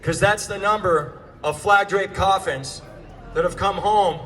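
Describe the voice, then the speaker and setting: A man giving an impassioned speech to a crowd outdoors, fiery and sarcastic, often shouting through a megaphone. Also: sits high, measured pace. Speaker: rally speaker. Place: outdoors at a street protest.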